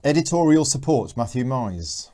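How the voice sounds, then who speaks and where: Chatty man with a mellow voice. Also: mid-range voice, sing-song, normal speed. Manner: chatty, reads viewer comments aloud. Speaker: board game channel host. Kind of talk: live unboxing chat.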